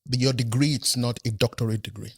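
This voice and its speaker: A man from Nigeria, a professor and podcast guest, explaining in a measured way in a studio and often checking in with "right?". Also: mid-range voice, fairly even intonation, slightly rough. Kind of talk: conversational interview.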